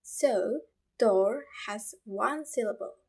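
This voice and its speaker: Slow, careful woman with Indonesian accent. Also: fairly high pitch, a little mellow, husky. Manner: slow, careful explanations with repeated examples. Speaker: student presenter. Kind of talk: class video lesson.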